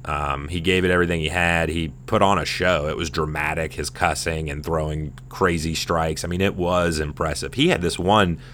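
A man in his thirties talks casual sports in a low, deep voice. He rambles and swears as he tells the story with animation. A faint hum runs under the recording. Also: fairly even intonation, moderate pace, few pauses, fairly bright tone. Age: 30s. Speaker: podcast host.

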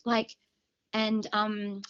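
A woman co-hosting a health podcast, explaining symptoms from her clinical work in a relaxed chat and acting out what patients say. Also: medium pitch, drawn-out words, dull audio. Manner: explanatory, acts out patients' quotes. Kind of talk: casual chat.

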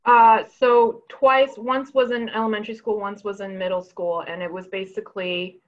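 A woman's voice: mid-range voice, little pitch movement, moderate pace, few pauses. Candid woman guest, dull lo-fi sound. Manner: reflective, frank, with frequent restarts. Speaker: lawyer and author, guest. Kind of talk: candid conversational interview.

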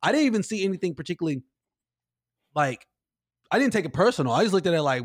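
A man's voice: high-pitched, big pitch swings, quick pace, no room sound, studio quality. A man in a casual podcast chat who talks animatedly, often acting out quoted voices and saying "bro".

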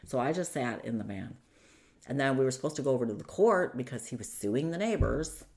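A woman giving emotional personal testimony as an interview guest, in a halting, urgent way with a steady stream of "you know". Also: rumbling low. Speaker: interview guest telling her own story.

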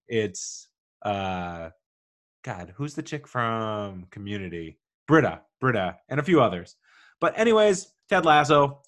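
A man's voice: mid-range voice, fairly bright tone. Rambling, enthusiastic man in his 40s. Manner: rambling, enthusiastic, many "like" fillers. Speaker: podcaster reviewing a TV show. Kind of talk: casual review monologue.

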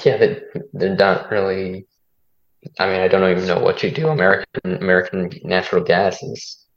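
A young male student talks easily as a podcast guest, pausing on fillers and chuckling now and then. His voice sits low in pitch. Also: muffled recording. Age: young adult. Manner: relaxed, chuckling, hesitant with fillers. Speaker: guest, political science student. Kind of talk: casual interview chat.

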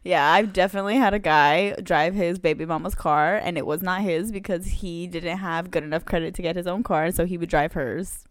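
Laid-back low-voiced woman co-host. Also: steady tone, brisk, hardly any pauses, no echo, clean studio sound. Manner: candid, laughing, loose. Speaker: podcast co-host. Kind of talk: casual chat.

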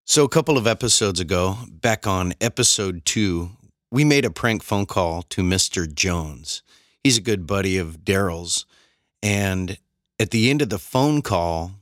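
A man with a low voice hosts a casual podcast, recorded dry and close. He cracks quick jokes and then sets up a segment in an easy, chatty way. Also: a bit bright, no room sound. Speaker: podcast co-host. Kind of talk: casual chat and show intro.

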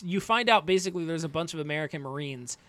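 High-voiced man rambling through a recap. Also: animated, quick pace, fairly bright tone, no room sound. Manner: rambling, profane, many restarts and fillers. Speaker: podcast co-host recapping an anime. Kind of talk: casual chat.

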